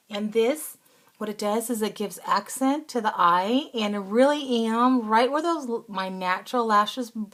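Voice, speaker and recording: A woman hosting a casual makeup tutorial, talking through each step in an instructive, chatty way and now and then dropping into soft asides. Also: on the high side. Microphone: phone or camera close by.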